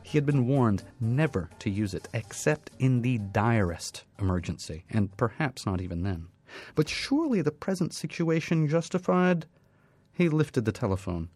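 A man narrating a science fiction story aloud in a dramatic, expressive reading. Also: medium pitch, normal speed, slightly rough, no echo.

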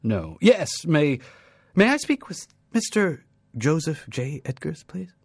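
A man reading aloud, voicing a male president who pleads in a hesitant, stammering, low and subdued way. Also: big pitch swings, slow pace, gravelly, darkish tone, breathy edge, dry recording, exaggerated voice. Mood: nervous pleading.

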